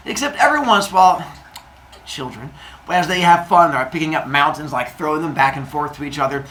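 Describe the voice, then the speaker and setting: A man's voice: a little high, a bit bright, slight background noise. A man teaching a class of children, retelling a myth in a playful, jokey way with silly sound effects. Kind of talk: storytelling lesson to children.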